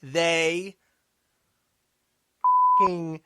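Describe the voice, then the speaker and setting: A man hosting a political commentary podcast, emphatic and sarcastic, dropping to mutters and then rising loud. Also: high-pitched, lively intonation, moderate pace, background noise. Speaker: podcast host.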